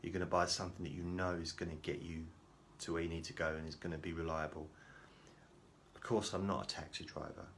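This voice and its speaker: A man's voice: low voice, level tone, a little fast, a bit bright, slight background noise. A man talking casually to camera in a rambling, self-deprecating way, often restarting his sentences. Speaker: vlogger.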